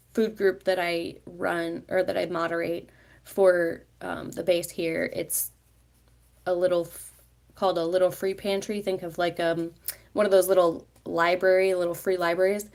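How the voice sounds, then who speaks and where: A woman vlogger chatting casually on a livestream, rambling with many fillers and restarts. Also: fairly low pitch. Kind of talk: casual live chat.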